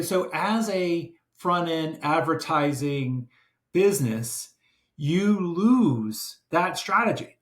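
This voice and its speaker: A man hosting a podcast who explains business strategy in a measured, deliberate way. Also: a little high. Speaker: podcast host. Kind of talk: casual business discussion. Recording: roomy echo.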